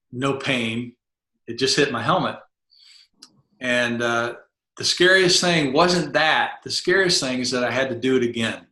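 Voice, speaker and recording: A man's voice: medium pitch, pushed and bright, echoey room. A middle-aged man, a former Navy SEAL chief, telling a vivid first-person story on a podcast and acting out the dialogue. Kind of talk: storytelling in an interview.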